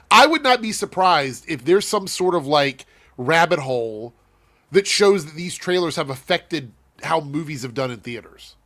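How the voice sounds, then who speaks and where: A man's voice: fairly high pitch, a bit bright. A man hosting a casual live show, talking loosely and bluntly with frequent swearing. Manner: loose and profane, laughing. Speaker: host. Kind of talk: casual chat.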